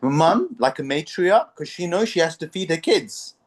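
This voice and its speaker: A man as a podcast guest, telling family stories in conversation in an animated way and laughing often. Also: a little high, moderate pace. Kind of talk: storytelling in conversation.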